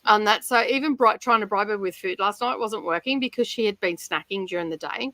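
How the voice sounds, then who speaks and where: A woman's voice: medium pitch, a little fast, sharp tone, dry recording, poor audio. A woman hosting a casual livestream chat from home, chatty and giggly, often rambling. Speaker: livestream host.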